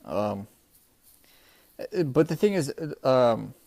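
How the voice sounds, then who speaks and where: A young man recapping a comic chapter in a casual, excitable, profane way, often calling his listeners "bro". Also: mid-range voice, very slow, creaky. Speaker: manga chapter reviewer.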